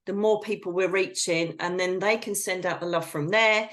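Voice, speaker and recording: A woman's voice: on the low side, fairly even intonation, normal speed, fairly bright tone. A middle-aged woman speaking over a video call as a psychic medium guest, talking bluntly and with animation and frank slang. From Britain. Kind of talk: casual interview chat.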